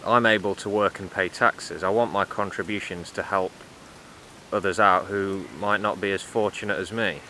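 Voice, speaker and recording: A man giving sarcastic, deadpan commentary in a vlog with dry, mocking asides. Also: sits low, normal speed, a little hiss or hum. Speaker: vlogger.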